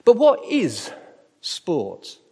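A middle-aged man from Britain gives a chatty sermon-style talk, putting questions to his listeners as he goes. His voice sits a little high for a man. It rings out with a long reverb across a church hall. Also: huge pitch swings, extremely slow, creaky, warm tone, slightly rough. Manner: chatty, conversational, asks the audience questions. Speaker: church speaker.

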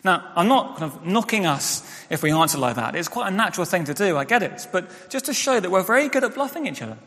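A man's voice: high voice, big pitch swings, fast talker, a bit bright. Conversational male preacher in a reverberant hall. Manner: candid, conversational preaching with self-deprecating asides. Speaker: pastor. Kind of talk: sermon. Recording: church hall with long reverb.

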